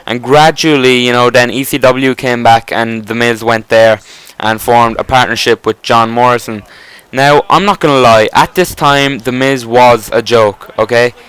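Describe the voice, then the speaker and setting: A man's voice: mid-range voice, steady tone, normal speed, a bit bright, clean tone, no echo, poor audio. A man giving casual gameplay commentary, rambling enthusiastically with frequent restarts and casual swearing.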